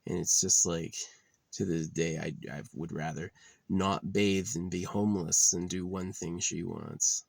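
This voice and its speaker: A man's voice: sits low, fairly even intonation, unhurried, gravelly, darkish tone, no echo. A man delivering a bitter, profane, rambling monologue as a vlogger.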